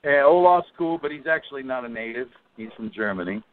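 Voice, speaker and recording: A man's voice: mid-range voice, quick pace. A man, a band singer being interviewed, telling stories in a casual chat and acting out what people said. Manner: animated storyteller acting out quotes. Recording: tinny phone line.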